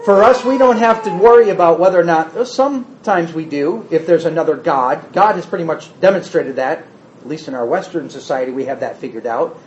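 A man's voice: on the high side, darkish tone, a little hiss or hum. A man teaching a Bible study class, asking the group rhetorical questions. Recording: roomy, slightly dull recording.

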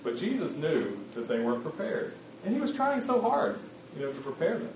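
Animated preacher with a roomy sound. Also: male voice, on the high side, fairly quick, slight background noise. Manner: conversational, addresses the congregation directly. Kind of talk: sermon. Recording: roomy, slightly muffled recording.

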